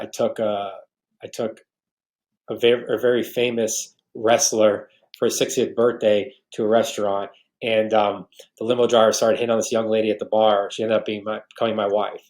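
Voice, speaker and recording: A man's voice: fairly low pitch, level tone, moderate pace, darkish tone. A man in his forties from New York, a podcast guest, telling an emotional faith story with many restarts. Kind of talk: earnest faith testimony.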